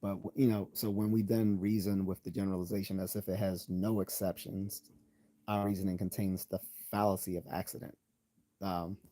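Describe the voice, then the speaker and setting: A man talks through logical fallacies on a live stream in a deep voice. His tone is mellow and unpolished, full of ums, restarts and read-aloud definitions. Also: little pitch movement. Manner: loose, halting delivery with many ums and restarts; reads out definitions and examples. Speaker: channel host.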